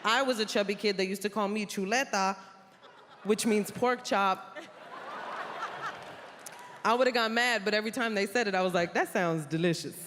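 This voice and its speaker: A woman from New York's South Bronx doing an animated stand-up set, teasing playfully with loud bursts, on a theater stage before a live audience. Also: mid-range voice, normal speed, long pauses. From South Bronx, New York. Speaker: stand-up comedian. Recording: reverberant hall with loud crowd noise.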